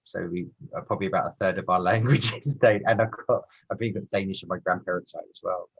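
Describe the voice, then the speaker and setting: A low, husky-voiced man from Britain talking on a podcast. He hesitates and searches for his words. The sound is dull and muffled, like a lo-fi recording. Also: fairly even intonation, fast talker. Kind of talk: casual podcast discussion.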